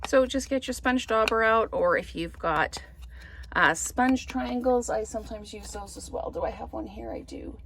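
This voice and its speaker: Chatty woman with a gravelly voice. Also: fairly high pitch, normal speed, a bit bright, slight background noise. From Canada. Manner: chatty, thinks aloud while crafting. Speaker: papercraft demonstrator. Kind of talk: casual card-making tutorial.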